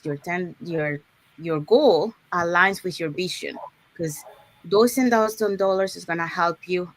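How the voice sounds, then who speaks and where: A woman's voice: fairly low pitch, a bit bright. A woman hosting an online live session, explaining goal setting step by step, with frequent "okay"s and restarts. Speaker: host.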